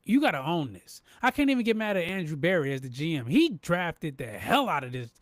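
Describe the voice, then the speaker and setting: Man, high-pitched, dry close mic, animated, emphatic, live sports podcast host. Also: brisk, no room sound. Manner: animated, emphatic, repeats phrases, talks to chat. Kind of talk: live-stream sports talk.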